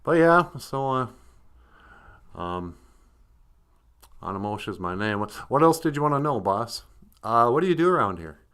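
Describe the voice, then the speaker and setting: A man's voice: mid-range voice, very animated, normal speed, long pauses, fairly bright tone, clean tone, voice pushed down. A man voicing a serious, polite male dog with a Southern US accent, who stammers and defers to the host. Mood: earnest.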